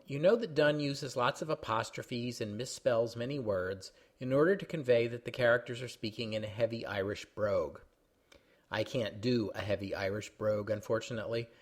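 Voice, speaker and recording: A man hosting a history podcast, explaining the background of a period text in a plain, friendly way. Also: mid-range voice. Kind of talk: explanatory commentary.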